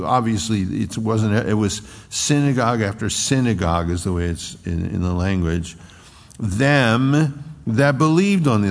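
A male preacher walks slowly through scripture in a gravelly voice. He breaks into raised, animated voices as he acts out the dialogue. His voice rings with a long reverb, as if recorded in a large church. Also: mid-range voice. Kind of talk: expository sermon.

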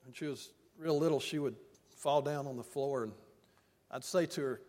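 An older man, a pastor, preaching a sermon in a folksy storytelling way and slowing down for emphasis. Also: mid-range voice, a little mellow. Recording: long reverb of a large hall.

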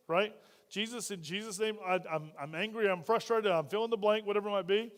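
A pastor with a high-pitched voice talks fast through a conversational sermon, often putting questions to the congregation. The long reverb of a church hall surrounds his voice.

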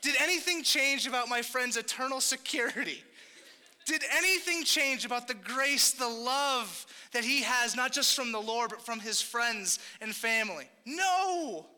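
High bright-voiced preacher in an echoing hall. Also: male voice, moderate pace. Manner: conversational, rambling, self-correcting, jokey asides. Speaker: pastor. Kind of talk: sermon. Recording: long hall reverb.

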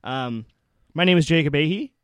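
A male podcast host banters in a teasing, playful way. His voice is fairly high and swings widely in pitch. He's recorded in a studio. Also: lively intonation, normal speed, smooth, no room sound, highs cut off. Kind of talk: casual chat.

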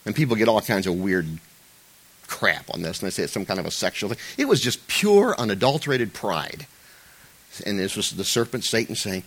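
A man's voice: on the low side, moderate pace. A man preaching a conversational sermon to his congregation, with playful asides. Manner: animated, conversational, jokey asides. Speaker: pastor.

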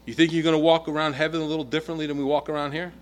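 Middle-aged guy preaching, bit high voice, gets loud then drops soft. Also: flat delivery, racing, a little hiss or hum. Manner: emphatic preaching with rising and falling volume. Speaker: pastor. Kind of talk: sermon.

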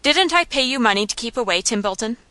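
A woman voicing a proud, uneasy young gentleman who speaks in a haughty, curt way. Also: a little high, expressive, fast talker, no echo.

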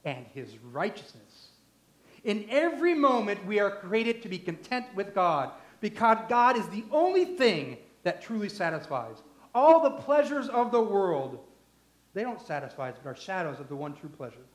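Male preacher, emphatic sermon delivery, high pitch, echoey room. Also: very animated, moderate pace. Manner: emphatic, swinging from loud to hushed.

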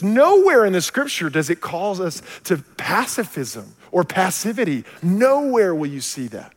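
A man preaching a sermon as a pastor, telling stories with animated swings from quiet, low passages to loud shouted peaks. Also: normal speed, few pauses. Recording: long hall reverb.

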